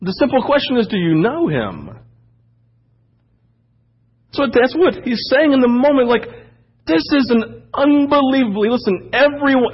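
A man's voice: very high voice, big pitch swings, normal speed, long pauses, slightly rough, lo-fi sound. A male pastor preaching a sermon, reading scripture aloud and explaining it with emphatic rhetorical questions.

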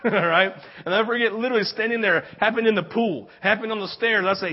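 A middle-aged male pastor with a fairly high voice preaching in a church sanctuary. He swells in loudness to drive a point home and tells homey stories, tossing in "right?" again and again. The recording sounds dull and lo-fi. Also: lively intonation, fast, hardly any pauses, husky. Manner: repeats key phrases, rises and swells in loudness for emphasis; folksy storytelling with frequent tag questions. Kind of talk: sermon.

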